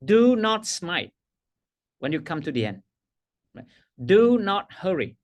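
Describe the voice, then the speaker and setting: Slow, emphatic male coaching trainer. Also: sits high, big pitch swings. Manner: emphatic, repeats key phrases, laughs at himself. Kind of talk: workshop teaching.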